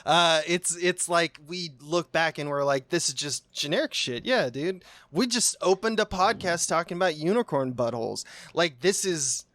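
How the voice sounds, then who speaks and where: A man's voice: on the high side, lively intonation, normal speed, few pauses, fairly bright tone, no room sound. Playful man riffing on a podcast. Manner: playful, does silly voices in his jokes. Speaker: podcast co-host. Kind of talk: casual movie chat.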